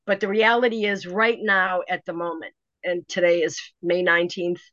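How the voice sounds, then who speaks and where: A woman's voice: lowish voice, normal speed, no echo. A woman, a first-time author, telling a dramatic story in a casual interview, full of restarts. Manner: animated, dramatic retelling with many restarts. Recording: slightly dull, dry lo-fi sound.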